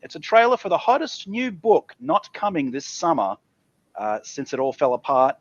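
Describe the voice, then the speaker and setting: A man's voice: fairly high pitch, sing-song, normal speed, dry recording, dull audio. A man hosting a live call-in stream show, exasperated and profane. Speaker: host.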